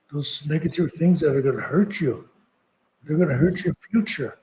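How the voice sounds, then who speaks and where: Older man, somewhat high, mellow tone; halting reflective storyteller, soft-spoken. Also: lively intonation, poor audio. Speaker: podcast guest speaker.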